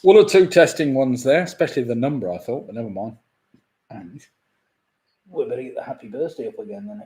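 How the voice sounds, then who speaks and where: A man's voice: medium pitch, expressive, brisk, darkish tone. A man hosting a live online pub quiz, reading out answers and scores in a chatty way with jokey asides.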